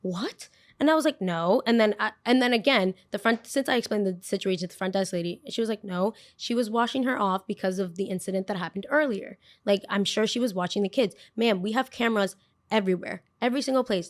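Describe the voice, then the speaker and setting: Animated young woman telling a story. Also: medium pitch, fast. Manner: animated, acts out voices in quotes. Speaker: podcast host.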